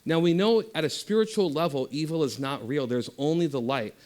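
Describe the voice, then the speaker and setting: A man's voice: a little high, brisk. Impassioned man giving a spiritual talk. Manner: impassioned, rising loud in exhortation, dropping soft for meditation. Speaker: guest speaker at a spiritual center. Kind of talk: spiritual talk and guided meditation.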